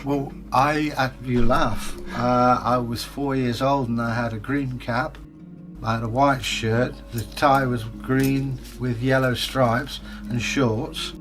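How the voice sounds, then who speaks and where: A man in his sixties chats casually as a co-host, drifting from one anecdote to the next in an easygoing way. His voice sits at an ordinary middle pitch, with faint music playing underneath. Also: steady tone, takes it slowly. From England. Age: 60s. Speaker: co-host reading viewer comments. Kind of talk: casual chat.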